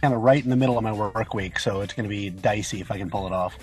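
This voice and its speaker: A man's voice: lowish voice, fast talker, darkish tone, soft background music. A man appearing as a guest on a casual podcast, speaking in a laid-back way with frequent filler words. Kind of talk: casual chat.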